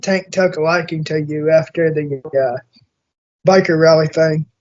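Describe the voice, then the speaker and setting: A man hosting an interview, chatting casually and excitably with plenty of swearing. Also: on the high side. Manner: excitable, profane, fast bursts. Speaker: interview host. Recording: dull lo-fi sound.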